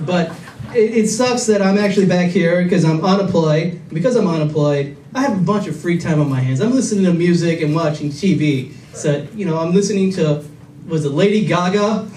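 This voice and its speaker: High-voiced rambling comedian in an echoey club. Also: male voice, a little fast, darkish tone, a little hiss or hum. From Illinois. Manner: rambling, self-mocking, with frequent restarts and fillers. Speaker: stand-up comedian. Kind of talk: stand-up comedy set. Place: comedy club stage with a laughing audience. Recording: echoey club audio from a distant camera.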